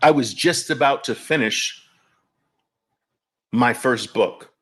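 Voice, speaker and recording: A man's voice: medium pitch, slow pace, fairly bright tone, breathy edge. A man hosting a live online audio room, talking emphatically and mockingly and repeating phrases for effect. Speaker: host.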